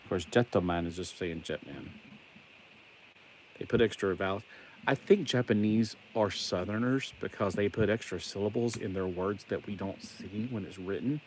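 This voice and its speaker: Building toys live on stream, a Southern US man chats and rambles with jokey asides as a toy collector. He has a deep voice at normal speed, with a little background noise.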